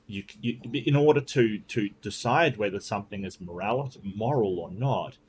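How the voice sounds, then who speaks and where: A man's voice: on the low side, a little hiss or hum. A man hosting a casual panel debate, thinking aloud with frequent restarts and hesitations. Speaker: show host.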